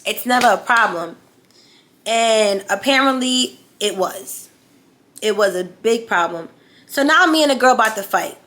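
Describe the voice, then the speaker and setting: Bright-voiced woman telling a heated story. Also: fairly high pitch, animated, unhurried. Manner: blunt, profane, heated storytelling. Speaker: vlogger. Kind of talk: story time vlog.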